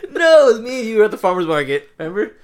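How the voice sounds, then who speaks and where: A man's voice: sits high, big pitch swings, rapid-fire, background noise. A young man co-hosting a casual podcast, profane and joking, retelling his pranks. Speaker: podcast co-host.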